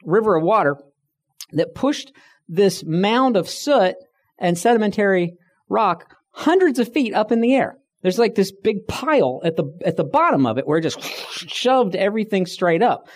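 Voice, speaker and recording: A man's voice: sits high, lively intonation, moderate pace. A middle-aged man giving a conversational talk to a room, telling stories and acting out the people he quotes. He says he is tired. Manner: conversational storytelling, acts out quoted voices. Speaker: speaker.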